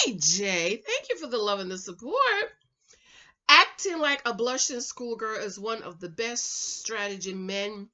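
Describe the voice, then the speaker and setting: A woman from the Caribbean islands chatting casually as a reviewer, reading viewer comments aloud in a loud, playful way, recorded on a camera mic without a microphone. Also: medium pitch. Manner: animated, loud, laughs often, playful. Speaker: YouTube reality-show reviewer. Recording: dull lo-fi camera audio.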